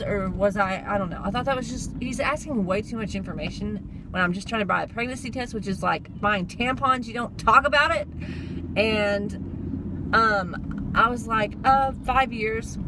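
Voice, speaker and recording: A woman's voice: medium pitch, heavy background noise. A young woman with a stuffy nose, rambling through a story in a casual vlog and laughing along the way. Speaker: vlogger.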